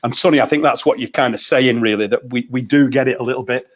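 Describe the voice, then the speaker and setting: A man's voice: medium pitch, fast talker. A man, a motivational coach in a casual group chat, telling stories and laughing easily over a video call. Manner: chatty storyteller, laughs easily.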